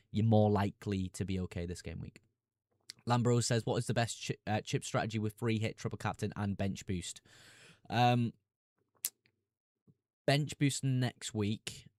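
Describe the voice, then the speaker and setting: A man with a Sunderland accent talks in a fairly low voice, reading viewers' questions aloud and answering them in a chummy, off-the-cuff way. The sound is close and dry, with no room around it. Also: a little mellow, no echo. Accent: Sunderland (Mackem). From Sunderland, North East England. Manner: casual, chummy, reads a question aloud then answers briskly. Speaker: fantasy football streamer host. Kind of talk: live stream Q&A, reading chat questions.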